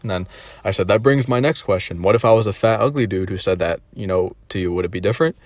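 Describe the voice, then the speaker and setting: A man's voice: on the low side, fast, dry recording, soft background music. A man recounting a story in a casual vlog, rambling and incredulous and repeating himself. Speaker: online dating video creator.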